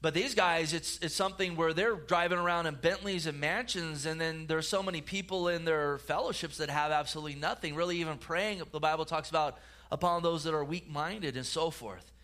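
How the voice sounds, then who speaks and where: A pastor preaching with a bright, forceful voice that sits a little high for a man. His delivery is earnest, with repeated words and restarted phrases. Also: fairly quick. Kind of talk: sermon.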